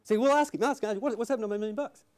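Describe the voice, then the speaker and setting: A man putting on a loud, raised-pitch gangster boss. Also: very fast, natural voice. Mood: demanding. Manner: shouting, pushy. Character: blustering male gangster boss, loud and demanding.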